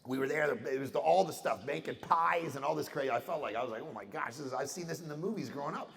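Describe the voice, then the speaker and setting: A middle-aged man from Canada giving an animated talk to an audience, acting out voices in his stories. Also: on the high side, fast talker, vocal fry. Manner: animated storytelling with acted-out voices and jokes. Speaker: conference speaker. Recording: reverberant hall sound.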